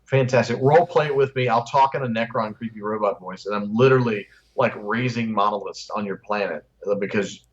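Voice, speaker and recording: A man's voice: lowish voice, brisk, few pauses, highs cut off. A man co-hosting a podcast in casual chat, easygoing and opinionated, with loose run-on thoughts. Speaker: podcast co-host.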